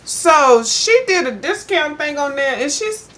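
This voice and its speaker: A woman's voice: sits high, a little slow. Chatty older woman telling a story. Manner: chatty, addresses viewers as "girl", animated when retelling. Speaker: vlogger. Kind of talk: casual storytelling chat.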